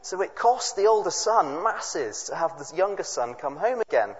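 A man's voice: on the high side, big pitch swings. Man preaching in an echoey hall. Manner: chatty, talks straight to the children, quick asides. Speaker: preacher at a family service. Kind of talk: reading and explaining a Bible story to children and parents. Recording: echoey hall, dull lo-fi sound, faint noise.

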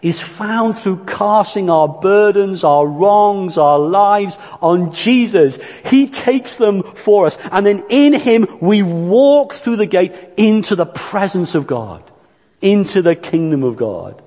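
Man, preacher, high voice, earnest, church hall reverb. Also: expressive, dark tone. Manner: earnest, deliberate, illustrative. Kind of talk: sermon.

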